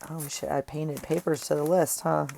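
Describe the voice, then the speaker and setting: A woman's voice: low-pitched, little pitch movement, fairly quick, creaky, warm tone, slight background noise. A woman chatting casually to viewers at her craft desk, rambling and friendly, recorded on an earphone mic. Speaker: craft vlogger. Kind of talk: casual chat while crafting.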